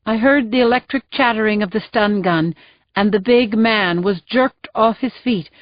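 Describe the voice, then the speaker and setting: A woman's voice: medium pitch, no echo. Woman narrating a tense thriller. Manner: tense, measured storytelling. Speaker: audiobook narrator. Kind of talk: first-person thriller narration. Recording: dull, dry studio sound.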